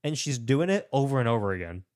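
A man co-hosting a casual podcast recap, animated and sarcastic, swearing and laughing often. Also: mid-range voice, fast talker, no echo, studio quality. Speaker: podcast co-host recapping a movie. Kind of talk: casual chat.

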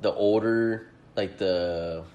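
A man's voice: fairly low pitch, steady tone, takes it slowly, mellow, highs cut off. A man in his twenties hosting a podcast, telling rambling, profane stories in casual chat and acting out the quotes. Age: 20s. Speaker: podcast host.

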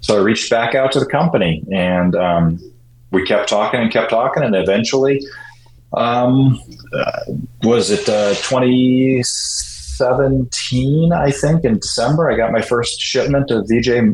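Man telling stories in a roomy echo. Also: unhurried. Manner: animated, jumps higher when quoting people. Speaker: guest, shoe importer. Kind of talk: casual interview storytelling.

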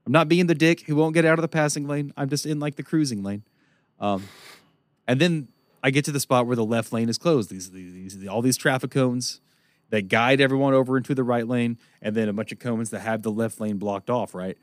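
A man telling a long story as a podcast co-host, profane and animated, laughing often. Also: mid-range voice, fairly quick, dry recording. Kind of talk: casual storytelling chat.

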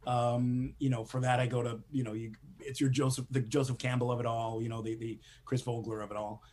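Husky-voiced man rambling with fillers. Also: mid-range voice, flat delivery, a little fast, darkish tone. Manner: rambling, many fillers and restarts, laughs often. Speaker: animation screenwriter guest. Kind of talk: casual interview talk.

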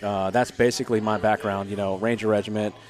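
Low-voiced guy in his 30s spinning army stories on a podcast, lively, does the voices of people he quotes, cusses a bit, faint music behind. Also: quick pace. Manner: animated storyteller who acts out quoted voices, swears freely. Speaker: podcast guest, former Army Ranger and Green Beret. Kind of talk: casual storytelling chat.

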